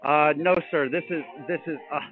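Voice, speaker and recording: A man's voice: on the high side, fairly even intonation, normal speed, faint music behind. A man managing a nightclub, answering the phone in a confused, curt, businesslike way. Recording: tinny phone line, distant from the mic.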